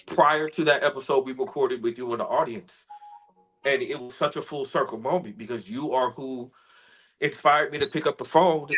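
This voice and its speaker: A spoken word artist, a man, shares an emotional personal story with earnest sincerity, at times speaking softly. His pitch is medium, and the recording is rough.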